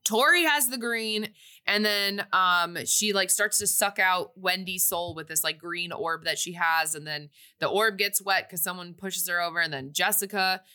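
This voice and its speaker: A young woman co-hosting a podcast casually recaps a movie plot, rambling and filling her speech with fillers. Her voice is fairly low, pushed and bright, at a moderate pace.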